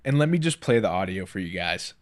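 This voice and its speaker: A man's voice: low-pitched, very animated, a little fast, very noisy. A man narrating a poker vlog in a blunt, irritated storytelling voice-over. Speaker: poker vlogger.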